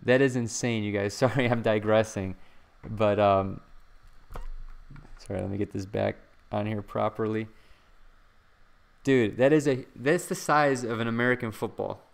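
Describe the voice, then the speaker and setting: A man hosting a casual stock-market livestream from his home, chatting in a relaxed way with fillers and frequent asides to his viewers. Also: lowish voice, moderate pace, gravelly, pauses often.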